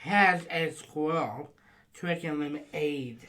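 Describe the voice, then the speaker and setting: A man's voice: fairly high pitch, takes it slowly, a bit bright. A man co-hosting a casual podcast, giving short cheerful replies and telling simple jokes. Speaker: podcast co-host.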